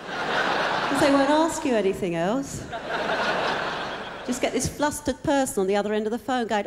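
A woman's voice: on the high side, a little fast. A woman doing live stand-up, telling offhand stories with dry punchlines. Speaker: stand-up comedian. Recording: live hall recording with reverb and hiss.

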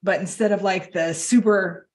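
A woman's voice: mid-range voice, fairly even intonation, moderate pace, darkish tone. A middle-aged woman hosting a podcast interview, chatting casually and encouraging her guest. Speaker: podcast host.

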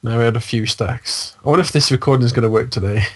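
A chatty man talking with a friend over a multiplayer game, teasing him and laughing easily. His voice sits at an ordinary middle pitch in easy, casual talk. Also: quick pace, slightly rough. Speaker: co-player, guest. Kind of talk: casual gameplay chat.

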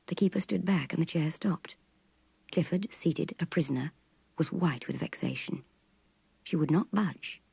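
An older woman narrating a classic novel in an intimate, breathy half-whisper. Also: sits low, unhurried, pauses often, warm tone, no room sound. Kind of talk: audiobook reading of a classic novel.

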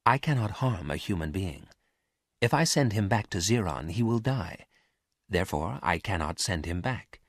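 A man reading a story aloud and voicing a calm, logical male robot who speaks quietly and softly. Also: low-pitched, normal speed, no echo, clean studio sound. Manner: quiet, soft, flat and logical.

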